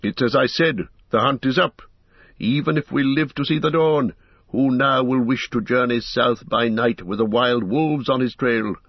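A man with a husky voice reading the part of a grave, commanding old wizard in an audiobook, speaking in a stern, measured way. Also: mid-range voice, dry recording, pitched above the performer's own voice, close to an everyday voice. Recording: dull lo-fi recording.

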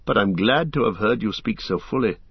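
A man's voice: lowish voice, animated, fairly quick, breathy edge, dry recording. Give me a small fearful hobbit, as a male narrator puts him on, hesitant but firm, in a dry storybook reading. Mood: afraid. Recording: slightly dull lo-fi recording.

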